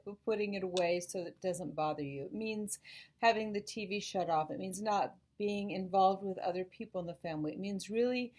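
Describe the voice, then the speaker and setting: Casting: woman school psychologist, calm explanatory parent talk. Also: mid-range voice. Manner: calm, explanatory, models gentle phrases to say to children.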